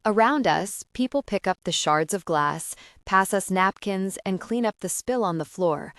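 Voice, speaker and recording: A young adult woman reading a first-person romance audiobook with a steady, calm and expressive delivery. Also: mid-range voice, unhurried, dry recording, clean studio sound. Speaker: audiobook narrator.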